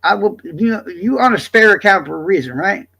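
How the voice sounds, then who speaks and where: A man livestreaming, talking to his chat in a casual, profane, defensive rant that swings between loud and quiet. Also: high-pitched, lively intonation, a little fast, gravelly, husky.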